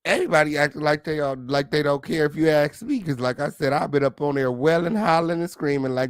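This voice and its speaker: A man reacting to a gossip clip, cursing and mocking as he goes. He speaks a little high for a man. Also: quick pace, hardly any pauses, clean tone, no echo, studio quality. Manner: profane, mocking, loud laughs. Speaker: gossip show host.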